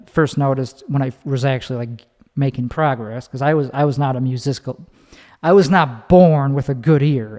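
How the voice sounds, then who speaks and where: A man's voice: mid-range voice, darkish tone, big-room sound. A man talking casually in a rambling monologue, swearing and often restarting his sentences. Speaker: podcast host.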